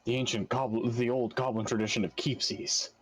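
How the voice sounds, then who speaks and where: A man's voice: medium pitch, little pitch movement, normal speed, breathy edge, low-quality recording. Mock-scholarly male player.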